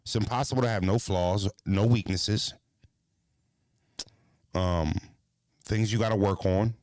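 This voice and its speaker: A man's voice: fairly low pitch, a little slow, no echo. Blunt, profane man ranting, dry sound. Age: adult. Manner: blunt, profane, animated, stuttering restarts. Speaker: podcast host. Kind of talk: casual podcast rant.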